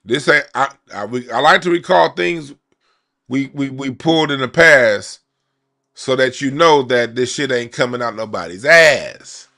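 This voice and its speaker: A man's voice: mid-range voice, measured pace, gravelly, bright, forceful tone. A man hosting a casual card-reading monologue, talking in loose slang with frequent restarts and repeated words. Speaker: card reader, channel host.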